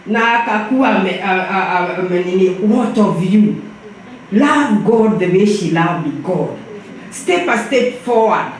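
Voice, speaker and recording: Older woman, emphatic church exhortation, echoey hall, faint room noise. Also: mid-range voice. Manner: switches between English and Swahili, emphatic calls. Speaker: memorial speaker. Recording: echoey hall, far from the mic.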